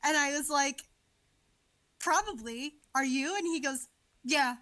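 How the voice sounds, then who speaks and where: A young woman with a high voice co-hosts a casual podcast. She chats in an expressive, animated way and reacts with lots of energy. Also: measured pace. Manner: animated, expressive, laughs often. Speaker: podcast co-host. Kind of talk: casual chat.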